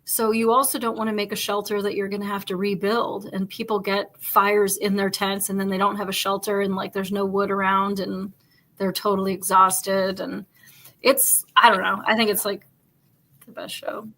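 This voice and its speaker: Gal hosting a podcast, rambles on, lots of "like", bright sharp voice. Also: female voice, mid-range voice, moderate pace. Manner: rambling, animated storytelling full of fillers. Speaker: podcast host. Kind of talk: casual chat.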